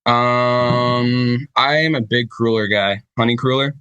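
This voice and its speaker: Bright-voiced man rambling casually. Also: medium pitch, steady tone, slow, clean tone, no room sound, dull audio. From Michigan, United States. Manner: rambling storyteller, heavy swearing, many fillers. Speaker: podcast guest, band vocalist. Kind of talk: casual chat.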